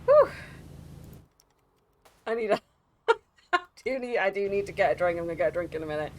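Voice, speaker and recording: A woman streaming a game from home, giggling and breaking into loud outbursts, her throat sore from laughing. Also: medium pitch, very animated, fairly quick. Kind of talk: casual live-stream chat.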